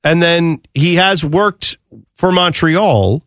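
A man's voice: a little high, takes it slowly, fairly bright tone, dry recording, clean studio sound. A man co-hosting a sports radio show, talking casually and musing about the game. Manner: conversational, musing.

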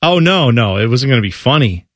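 A man's voice: mid-range voice, fairly quick, no echo, studio quality. A man co-hosting a radio show, trading jokes in casual banter and slipping into mock announcer voices. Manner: joking, animated, does mock announcer voices.

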